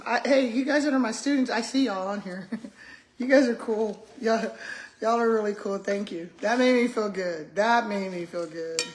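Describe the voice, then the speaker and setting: A woman's voice: mid-range voice, noisy background. An older woman, chatting casually with viewers while eating and talking between bites. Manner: chatty, talks with her mouth full, calls viewers "y'all". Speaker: vlogger, retired school principal. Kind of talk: casual live-stream chat while eating. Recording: echoey room.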